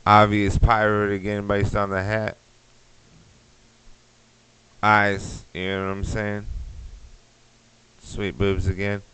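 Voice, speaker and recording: A man's voice: fairly low pitch, completely flat delivery, slow, long pauses, fairly bright tone, clear, resonant tone, rough recording. A man hosting a podcast, ranting crudely and loosely as comedy. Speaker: podcast host. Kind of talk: comedic rant.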